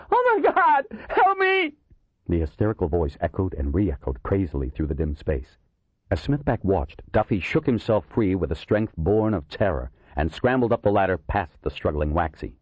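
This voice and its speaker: Deep husky male audiobook narrator. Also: expressive, moderate pace, dry recording, dull audio.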